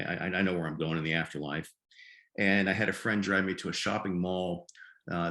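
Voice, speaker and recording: Deep-voiced man telling his story haltingly. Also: fairly bright tone. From Nebraska. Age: 50s. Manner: halting, repeats words while telling the story. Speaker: podcast guest. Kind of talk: conversational storytelling. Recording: roomy echo.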